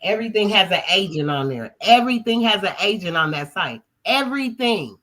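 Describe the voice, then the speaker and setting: Woman host from Colorado, emphatic preacher cadence, sharp and forceful tone. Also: medium pitch, lively intonation, fairly quick. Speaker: livestream host. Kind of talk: heated livestream talk.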